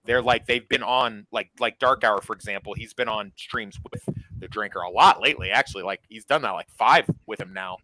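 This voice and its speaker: A man from Florida talking in an energetic, fast way full of fillers as a podcast co-host. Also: lowish voice, rough recording. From Florida, United States. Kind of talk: casual chat.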